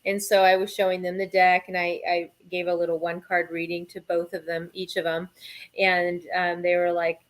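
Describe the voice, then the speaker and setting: A woman hosting a casual chat, eager and quick to laugh, with plenty of ums. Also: fairly low pitch, flat delivery. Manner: enthusiastic, laughs often, many fillers. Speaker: host.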